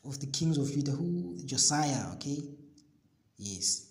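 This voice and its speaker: Guy doing a backyard bible study, real slow, keeps saying okay, echoey sound. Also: medium pitch, expressive. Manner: frequent "okay?" checks, rereading and paraphrasing scripture. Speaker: Bible teacher. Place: outdoors in a backyard.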